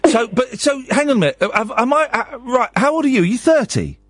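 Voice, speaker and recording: A man's voice: extremely high pitch, a little fast. A man in his forties hosting a radio phone-in, joking and teasing the caller as they chat. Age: 40s. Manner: joking, animated, laughs and teases a lot. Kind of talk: casual chat.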